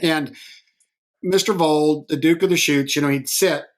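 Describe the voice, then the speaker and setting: A middle-aged man hosting a podcast interview, telling stories in a rambling, animated way full of restarts. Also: fairly high pitch, measured pace. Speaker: podcast host. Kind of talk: conversational interview.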